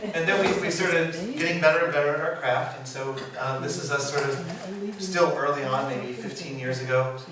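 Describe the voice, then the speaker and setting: A man who works as a puppeteer, giving an informal, animated storytelling talk and laughing often as he acts out quotes. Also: medium pitch. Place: presentation room. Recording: echoey room, mic far, background noise.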